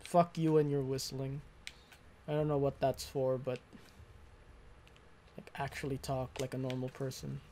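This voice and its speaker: A man's voice: mid-range voice, flat delivery, unhurried, long pauses, mellow, a little hiss or hum. A man giving live commentary while playing a video game, swearing and venting frustration at enemies into a close desk mic. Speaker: gaming streamer.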